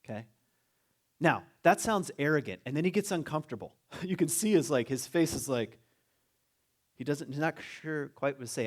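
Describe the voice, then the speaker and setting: A man giving a conversational spiritual talk as guest teacher in a church, animated and jokey, reading quotes aloud slowly. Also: mid-range voice. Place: church sanctuary.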